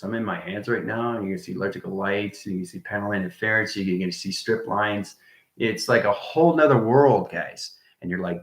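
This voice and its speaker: An online spiritual teacher with a lowish, fairly bright voice livestreams to his viewers at a moderate pace, sounding roomy. He's enthusiastic and rambling, repeats himself, and sometimes slips into whispers.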